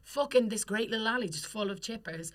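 Chatty and sweary, a young Irish woman shares stories as a podcast co-host, laughing frequently. Her voice is a little high with a fairly bright tone.

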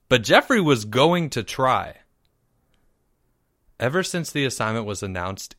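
Brief: male narrator, storybook reading, bright clear tone, unhurried, dry booth. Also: on the high side, no echo. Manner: measured, expressive reading.

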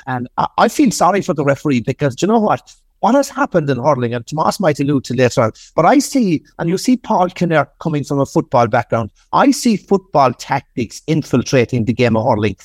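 An emphatic Irish man with a fairly high voice argues his case as a sports pundit. He talks forthrightly and repeats words as he builds a point. The sound is close and dry. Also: darkish tone, dry recording. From Ireland.

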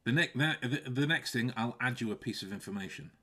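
A man's voice: mid-range voice, a little fast, bright, forceful tone. A man hosting a casual podcast chat, often restarting and repeating words and breaking into laughs. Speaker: podcast host.

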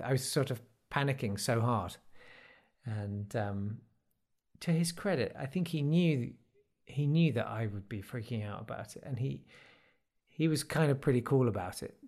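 Man, forties, podcast guest, rambling anecdotes, dry self-deprecating humour, mid pitch. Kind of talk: casual interview storytelling.

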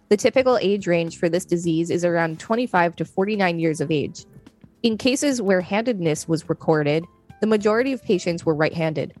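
Low-voiced woman reading an explainer. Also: darkish tone. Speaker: podcast co-host. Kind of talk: reading a scripted explainer in turns.

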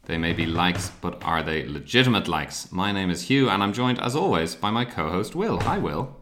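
A man's voice: low voice, sing-song, normal speed, a bit bright, slight background noise. A man hosting a podcast, chatting casually and laughing often. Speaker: podcast host. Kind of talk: casual chat.

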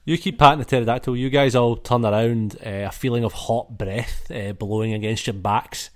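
A man's voice: medium pitch, fairly even intonation, normal speed. A man narrating and running a tabletop role-playing game in a casual, swearing way with many fillers. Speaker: game master.

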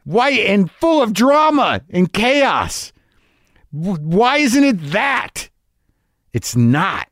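A man's voice: sits high, very animated, very slow, fairly bright tone, no room sound, studio quality. A man hosting a podcast, talking in a rambling, confessional, self-deprecating monologue that stammers and restarts when he gets worked up. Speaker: podcast host.

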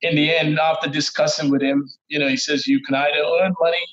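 A man's voice: a little high, little pitch movement, fast, fairly bright tone. Trinidadian guy, middle-aged, easygoing and chuckly, muffled lo-fi call sound. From Trinidad and Tobago. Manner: laid-back, laughs while telling stories. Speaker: guest, former footballer. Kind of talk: casual interview storytelling. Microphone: remote call audio. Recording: dull lo-fi call audio.

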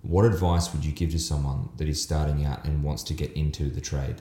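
A man's voice: very deep voice, fairly even intonation, a little fast, mellow, reverberant, slight background noise. An Australian man hosting a podcast, teasing and joking and laughing easily in casual chat. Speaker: podcast host.

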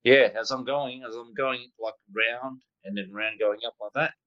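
A man casually recounting a flight, talking in an animated, rambling way with sound effects and restarts. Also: mid-range voice, moderate pace. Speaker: guest pilot recounting a sighting. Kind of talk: casual storytelling. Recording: dull lo-fi sound.

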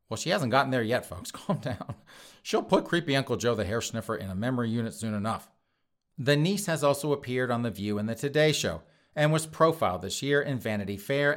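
Male podcast host, sarcastic news commentary, crude jokes, mid-pitched voice. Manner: crude, sarcastic, laughing at his own jokes.

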